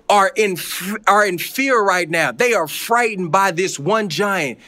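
A man's voice: sits high, expressive, a little slow, few pauses, bright, forceful tone. A man preaching a sermon in a conversational, encouraging way with playful asides.

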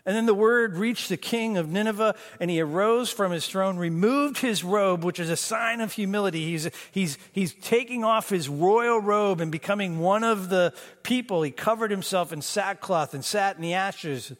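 A man preaching a sermon as pastor, moving between emphatic bursts and hushed, slow lines. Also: sits high. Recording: long reverb of a church hall.

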